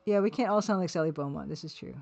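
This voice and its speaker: A woman with a deep, darkish voice and vocal fry talks fast over soft background music, and the highs are cut off. She's a Canadian-accented artist drawing pixel art on a livestream, rambling casually and self-deprecatingly while talking to her chat.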